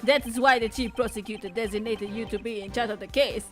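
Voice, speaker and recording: A woman's voice: fairly high pitch, fast, soft background music, natural voice. A woman reading a brusque, overbearing male police officer in a game. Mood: officious. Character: curt foreign police officer, overbearing man.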